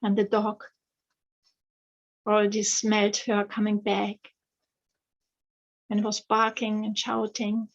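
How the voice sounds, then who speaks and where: A woman telling a fairy tale aloud, slowly and hesitantly, with many fillers. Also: medium pitch, completely flat delivery, dull audio. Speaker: author and storyteller.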